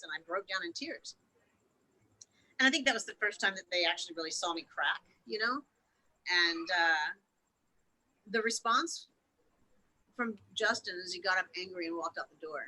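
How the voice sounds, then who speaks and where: Woman on a podcast, super bright sharp voice, swears a ton, keeps restarting sentences. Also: on the low side, normal speed, long pauses, low-quality recording. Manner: emotional, swears freely, repeats and restarts often. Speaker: podcast guest. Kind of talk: candid storytelling interview.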